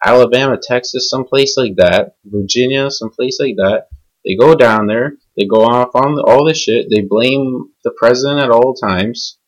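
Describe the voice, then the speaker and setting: A man's voice: mid-range voice, rough recording. A young adult man delivering an angry, cynical, profanity-heavy rant. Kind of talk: profane ranting monologue.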